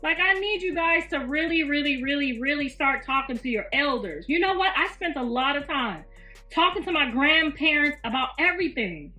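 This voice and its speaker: At a normal pace, a woman in her fifties speaks in a high-pitched, animated, sharp-toned voice while hosting a laid-back livestream from her home. She's blunt, profane and quick to laugh, and the sound is roomy, distant and a bit muffled, with faint music.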